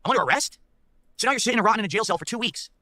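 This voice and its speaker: High-voiced fast-ranting man. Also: sharp tone, no echo. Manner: emphatic, keeps checking in with the audience. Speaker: online streamer. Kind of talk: ranting monologue to viewers.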